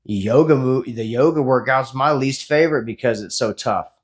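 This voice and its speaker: This is a man in his forties with an average-pitched voice, delivering a blunt, profane motivational talk after a workout. He speaks as a fitness vlogger who coaches his viewers without sugarcoating anything. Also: moderate pace. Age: 40s.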